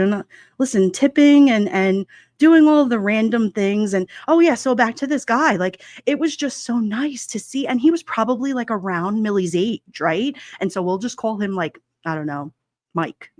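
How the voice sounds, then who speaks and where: A woman in her forties talking in a loose, rambling way, packing her sentences with fillers and little laughs. Her voice sits at a middling pitch and sounds close and dry, with no room around it. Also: no echo. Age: 40s. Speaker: livestream host. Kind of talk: casual chat.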